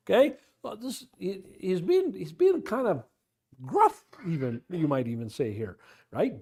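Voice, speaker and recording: A man's voice: high voice, sing-song, normal speed, darkish tone. A man teaching an informal Bible class, talking conversationally, asking rhetorical questions and acting out quotes. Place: church classroom.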